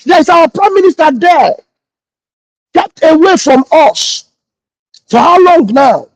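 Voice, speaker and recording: A man's voice: very high voice, expressive, slow pace, dry recording, poor audio. A man, a pastor hosting a morning livestream, scolding his critics indignantly and repeating his phrases. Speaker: pastor and online host.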